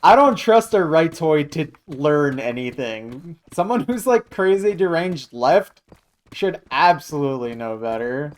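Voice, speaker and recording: A man's voice: a little high, very animated, a little slow. Chatty young man streaming live. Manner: rambling, jokey, reacting to chat. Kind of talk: casual live-stream chat.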